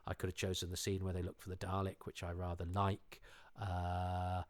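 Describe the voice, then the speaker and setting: A man's voice: low voice, monotone, moderate pace, dry recording. A man chatting casually, enthusiastic and digressive with a self-deprecating streak. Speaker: show panelist. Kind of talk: casual chat.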